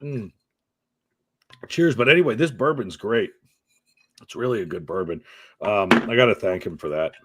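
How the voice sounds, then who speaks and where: A man's voice: fairly low pitch, moderate pace, long pauses, breathy edge, dry recording. A man hosting a casual podcast, telling a story with lots of swearing and acting out the other people's lines. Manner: profane, animated storyteller acting out quotes. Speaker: podcast host.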